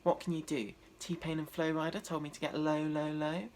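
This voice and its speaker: A man, doing a deadpan, self-deprecating stand-up set. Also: a little high, normal speed, a little hiss or hum. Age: 20s. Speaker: stand-up comedian.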